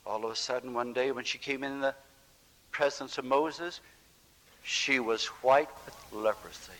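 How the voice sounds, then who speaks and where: A man preaching a sermon with impassioned, dramatic swings in pitch and loudness, acting out scripture voices. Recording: long hall reverb.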